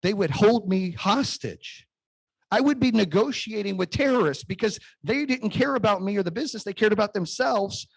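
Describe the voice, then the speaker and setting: A man in his forties with a slightly raised pitch and a husky voice gives a motivational keynote at an event. He tells personal stories in an emphatic, storytelling manner and drives his points home with punchy, repeated phrases. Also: animated, moderate pace. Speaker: keynote speaker. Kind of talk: motivational stage talk. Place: event stage.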